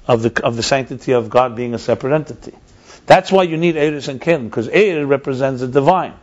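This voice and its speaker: A man's voice: a little high, darkish tone. A man explaining ideas in a conversational teaching style, emphatic and repeating his key points. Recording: dull lo-fi recording.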